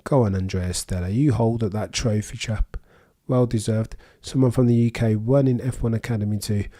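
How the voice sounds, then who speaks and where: A young man from England with a Birmingham accent hosts a live race watchalong, chatting casually, reading out comments and making dry remarks. His voice is lowish and dark, steady in tone, at a normal speed.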